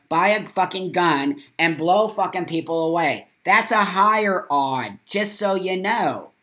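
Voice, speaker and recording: A man's voice: fairly high pitch, a bit bright. An American man hosting a morning live stream, angry and saddened, talking with blunt, profane, repetitive emphasis while reading out viewer comments. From United States. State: upset and saddened.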